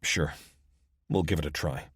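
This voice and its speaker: A seasoned male detective, level and clipped, keeping everyone calm under pressure, read by a deep-voiced narrator. The voice is very low and sits dry and close to the mic. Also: a little slow, husky, no echo, exaggerated voice. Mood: terse. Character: veteran male detective, calm tired negotiator. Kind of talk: audiobook character voice.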